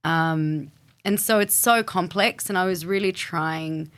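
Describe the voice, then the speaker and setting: Woman, low voice, Australian accent, interview guest, candid, reflective, filler-heavy. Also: unhurried, a bit bright. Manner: thoughtful, candid, fluid with frequent fillers.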